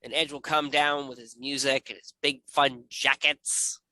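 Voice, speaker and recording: A man co-hosting a casual chat show, ranting in an excitable, animated way with jokey voices. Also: mid-range voice, unhurried, no room sound. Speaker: podcast host.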